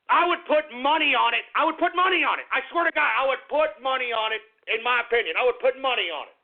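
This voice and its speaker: A man's voice: extremely high pitch, fast, gravelly. A man hosting a talk radio show, ranting in a crude, repetitive monologue. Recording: tinny phone-like radio sound.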